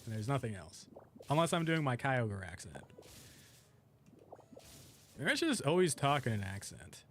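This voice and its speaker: A young adult man streaming a video game, chatting casually with viewers and thinking aloud in a relaxed, rambling way. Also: medium pitch, normal speed, slight background noise. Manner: laid-back, rambling, thinks aloud while playing. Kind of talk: casual gameplay chat with viewers.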